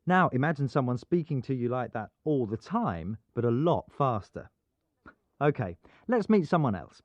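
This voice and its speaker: A man presenting an educational programme, explaining things clearly in scripted narration. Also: mid-range voice, very animated, normal speed, dry recording. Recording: dull, dry studio sound.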